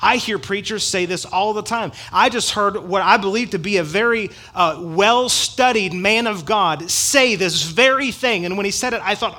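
A man preaching a sermon to his church, emphatic and swinging between loud passages and hushed asides, quoting scripture and joking with the congregation. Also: high voice, moderate pace, few pauses. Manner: quotes scripture with rising passion, jokes with the congregation. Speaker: pastor.

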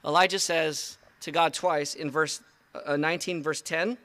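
A man delivers an outdoor sermon in a high, bright voice. He tells the stories conversationally, with an animated pulse that leans toward his listeners. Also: a little slow. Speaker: pastor. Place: outdoor service.

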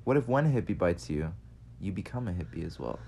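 Joking young man with a lowish voice. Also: expressive, quick pace, gravelly, dark tone, a little hiss or hum. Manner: joking, laughs often, trails off mid-sentence. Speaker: podcast co-host. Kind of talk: casual comedic podcast chat.

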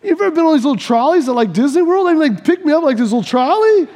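A man voicing an overjoyed male church visitor who gushes with excitement. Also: very high-pitched, fast talker. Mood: gushing. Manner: gushing, breathless excitement.

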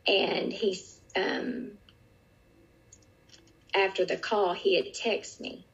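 Gravelly-voiced woman telling a hard story. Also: medium pitch, flat delivery, a bit bright. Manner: earnest, vivid retelling with halting restarts. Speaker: interviewee. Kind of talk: personal storytelling in an interview. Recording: dull lo-fi recording.

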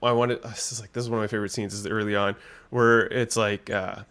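A man co-hosting a casual film review podcast retells scenes in a rambling, filler-heavy way, acting out the characters' lines. His voice is fairly low with little pitch movement, brisk, a bit bright, and clear with a resonant tone.

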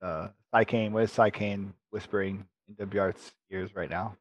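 Male game master, mid-pitched, dry close sound, slightly muffled, narrates casually with restarts. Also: steady tone, moderate pace, no room sound. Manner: conversational, with frequent restarts.

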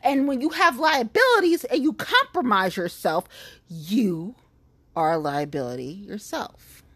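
A woman's voice: medium pitch, big pitch swings, a little slow, fairly bright tone, husky. Fired-up woman in a profane rant. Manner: blunt, profane, heated, emphatic. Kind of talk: angry venting rant to camera.

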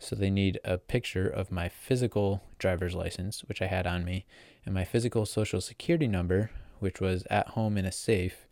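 A man's voice: low voice, steady tone, moderate pace, few pauses, a little mellow, no echo, clean studio sound. An eighteen-year-old young man telling a casual story in a rambling way, full of fillers and restarts. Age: teens. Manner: rambling, filler-heavy, self-correcting. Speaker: vlogger.

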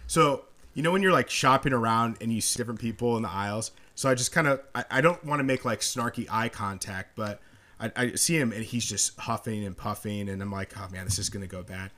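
A man telling a story on a podcast in casual conversation. He talks in an animated, jokey way and acts out the lines of the people in his story. His voice sits at an ordinary pitch for a man. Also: a little fast. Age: adult, married. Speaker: podcast co-host.

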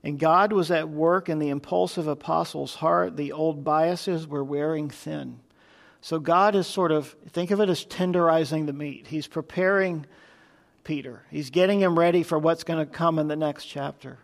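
A man's voice: on the high side, steady tone, normal speed, gravelly. A man preaching a sermon as pastor, conversational and earnest, often asking his listeners questions.

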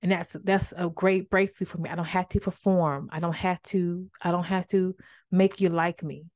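A woman's voice: lowish voice, steady tone, moderate pace, darkish tone, no room sound, clean studio sound. A woman hosting a podcast and teaching from the Bible in a casual, conversational way, often calling her listeners y'all and getting emotional. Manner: emotional, fighting back tears of joy. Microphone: microphone with a faulty cord.

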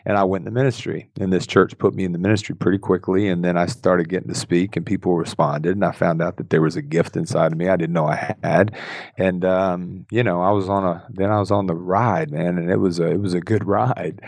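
A man's voice: low voice, fairly even intonation, a little fast, creaky, a little mellow, no echo. A middle-aged man telling his own story as an interview guest, intense and self-deprecating, often laughing. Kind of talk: candid personal storytelling.

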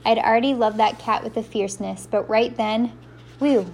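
A woman reading a first-person story aloud as an audiobook narrator, giving the characters lively voices. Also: fairly high pitch, moderate pace, a little hiss or hum.

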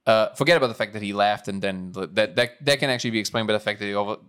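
A man hosting a casual podcast chat, opinionated and quick to cut in with questions and his own view. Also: fairly low pitch, fairly bright tone, smooth. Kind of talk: casual conversation.

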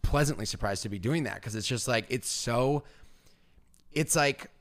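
A man's voice: medium pitch, normal speed. A young man hosting a podcast, chatting casually and rambling with constant "like" fillers. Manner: rambling, fills every phrase with "like". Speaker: podcast host. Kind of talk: casual chat.

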